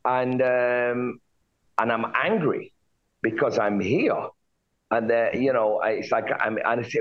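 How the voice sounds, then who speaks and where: A man from the United Kingdom, a guest telling a story in an interview, acting out quoted lines with lively jumps in his voice. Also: a little slow. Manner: animated retelling, jumps high for quoted lines. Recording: dull lo-fi line.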